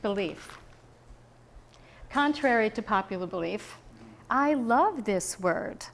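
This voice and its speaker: A woman minister giving a relaxed, conversational sermon, telling stories and laughing easily, recorded on a hidden mic at a spiritual center. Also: medium pitch, takes it slowly, creaky. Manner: chatty storytelling, laughs easily. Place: spiritual center meeting room.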